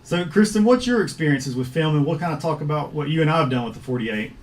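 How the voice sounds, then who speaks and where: A man hosting a casual livestream chat over a video call, speaking in an easygoing, halting way with lots of filler words. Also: a little high, expressive. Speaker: host of a filmmakers' livestream.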